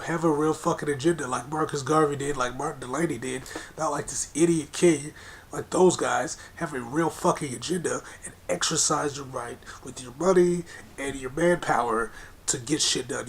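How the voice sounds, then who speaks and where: A man delivering an angry, profane monologue rant, hammering his points with repetition in a confrontational way. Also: mid-range voice. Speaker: political commentator.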